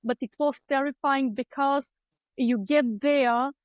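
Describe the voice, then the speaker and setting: A woman's voice: high voice, fairly even intonation, takes it slowly, no echo, highs cut off. A woman with a Bulgarian accent, not a native English speaker, telling her story as a guest with earnest, heartfelt hesitations. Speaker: guest, clinical psychologist. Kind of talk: candid personal storytelling.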